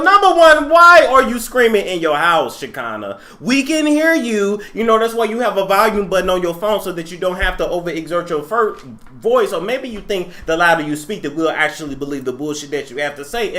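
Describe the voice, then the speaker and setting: A man's voice: high-pitched, bright, forceful tone. A man hosting comedy commentary, teasing and sarcastic as he reacts to clips.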